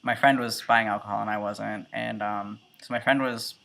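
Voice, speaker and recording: A man's voice: fairly low pitch, steady tone, moderate pace, vocal fry, sharp tone. A man in his early twenties talking casually in a video diary, chatty and full of ums and likes. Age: 20s. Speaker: vlogger.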